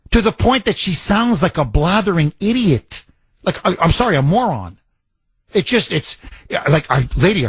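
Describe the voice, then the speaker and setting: A man's voice: high-pitched, slightly rough, no room sound. A man hosting a talk radio show, delivering a combative, mocking monologue.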